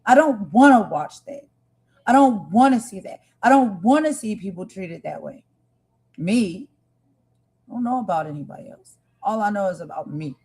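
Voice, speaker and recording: A livestream host speaks earnestly and passionately straight to her viewers in emotional commentary. Her medium-pitched voice is animated, at a normal speed, with a darkish, slightly rough tone.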